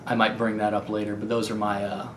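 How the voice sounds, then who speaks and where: A young Midwestern man from Ohio who makes gaming videos on YouTube fields viewer questions in a casual vlog. His fairly low voice is completely flat and fast, and his answers ramble candidly with lots of fillers. Faint noise hangs in the echoey room.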